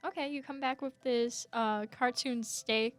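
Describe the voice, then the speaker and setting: A woman's voice: fairly high pitch, fairly even intonation, unhurried, soft background music. A young adult woman narrating a tabletop game as game master, with lots of fillers and hesitations.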